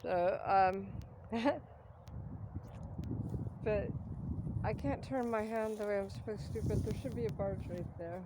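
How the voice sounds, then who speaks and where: A woman's voice: mid-range voice, takes it slowly, pauses often, very noisy. A woman out of breath, walking along a grassy riverbank and talking into a phone at arm's length in a rambling, laughing vlog. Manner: rambling, laughs often, swears casually. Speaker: vlogger. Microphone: phone held at arm's length.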